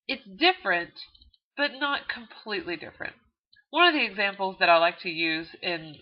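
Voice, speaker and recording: A woman with a Texan accent, a college instructor giving a chatty recorded video lecture with frequent fillers. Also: lowish voice. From Texas. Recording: dull lo-fi video audio.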